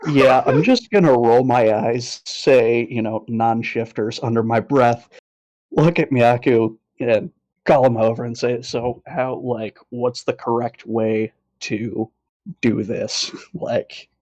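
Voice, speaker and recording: A man's voice: medium pitch, slow, a little mellow, no room sound. Guy player explaining his plans, dry close sound, plain mid voice. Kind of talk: casual tabletop play chat.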